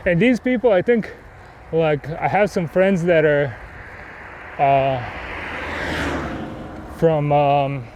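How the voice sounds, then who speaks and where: A man's voice: on the high side, takes it slowly, pauses often. A man chatting casually while riding a bike outdoors, rambling and self-deprecating, with many fillers. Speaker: cycling vlogger. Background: wind and faint traffic.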